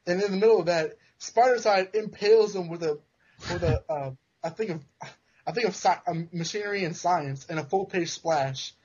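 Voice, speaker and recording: A man with a slightly high, husky voice retells a comic book plot, jokey and full of quick restarts. The recording sounds dull and lo-fi, as on a home podcast. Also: a little mellow. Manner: joking, self-interrupting storyteller. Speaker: podcast co-host. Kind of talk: casual comic-book recap.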